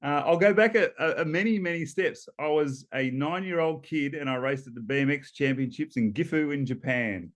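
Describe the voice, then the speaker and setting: An Australian man in his fifties, a former rower, telling stories as a guest in a relaxed interview, laughing between points and restarting often. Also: fairly high pitch, fairly quick, hardly any pauses. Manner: chatty storyteller, laughs between points, many ums and restarts. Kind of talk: casual storytelling interview.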